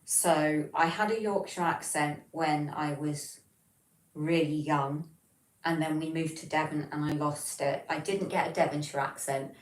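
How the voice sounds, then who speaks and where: A woman's voice: low voice, steady tone, unhurried. A woman with a general Southern English accent, hosting a casual livestream and chatting as she answers viewer messages. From England. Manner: chatty, rambling, reads chat messages aloud and answers them. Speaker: livestream host. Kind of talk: casual livestream chat reading viewer comments. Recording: roomy, from some distance off the mic.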